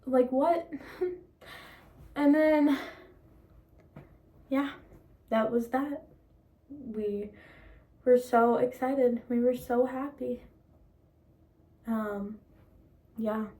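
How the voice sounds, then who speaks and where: A young woman vlogging casually, excited and disbelieving, rambling with many fillers as she tells her story. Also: a little high, very slow, long pauses.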